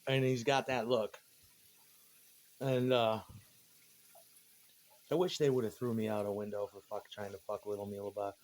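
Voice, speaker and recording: A man's voice: fairly low pitch, flat delivery, moderate pace, long pauses, darkish tone. A man in his forties rambling casually in a monologue, laid-back and meandering, with frequent swearing. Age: 40s.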